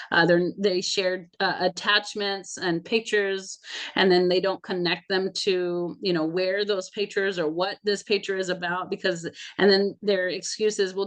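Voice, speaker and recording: A woman community advocate speaking as a guest on a video call, earnest and hesitant, with frequent fillers. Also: medium pitch. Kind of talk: casual video call conversation.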